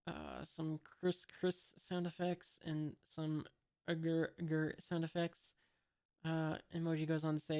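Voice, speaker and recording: A woman's voice: sits low, flat delivery, unhurried, warm tone, clean tone. A woman casually reading a comic aloud, hesitant with many fillers and unsure asides. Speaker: comic reader.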